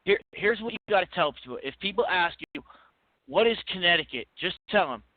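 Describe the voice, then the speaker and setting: A man on a podcast, casually telling a lively story with lots of restarts. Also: high-pitched, quick pace, no room sound. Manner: animated anecdote-telling with many restarts. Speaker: podcast co-host. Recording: tinny phone-like line, dry.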